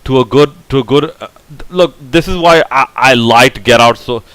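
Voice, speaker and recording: A man delivers a casual, blunt, opinionated movie review, rambling and leaning heavily on fillers like "like, you know." His voice is medium-pitched and fairly bright at normal speed, recorded roughly with no room sound.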